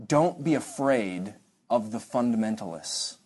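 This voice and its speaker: A man's voice: lowish voice, expressive, measured pace, darkish tone, breathy edge. A man giving a church history lecture to a congregation class, conversational and digressive, with frequent restarts and dry asides.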